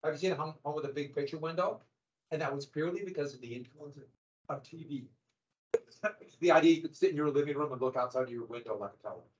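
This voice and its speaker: A man's voice: on the high side, fast. A middle-aged man teaching a class in a conversational lecture style, with wry sarcastic asides. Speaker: high school history teacher. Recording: dull lo-fi classroom recording.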